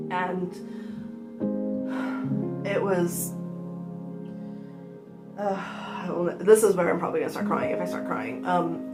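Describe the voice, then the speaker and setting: A young woman vlogger telling an emotional personal story from home, using "like" a lot and laughing through the hard parts. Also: fairly low pitch. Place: at home with her dog in her lap. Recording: roomy echo with music behind. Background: music.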